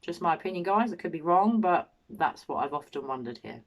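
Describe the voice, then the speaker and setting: A woman's voice: lowish voice, animated, brisk. An English woman giving opinionated true crime commentary, indignant and full of rhetorical questions. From England. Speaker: true crime channel host.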